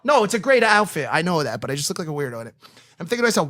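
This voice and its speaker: Podcast guy rambling thru a self-mocking comedy bit, bright animated voice. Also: fairly high pitch, rapid-fire, no echo, clean studio sound. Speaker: podcast co-host. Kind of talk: comedic storytelling.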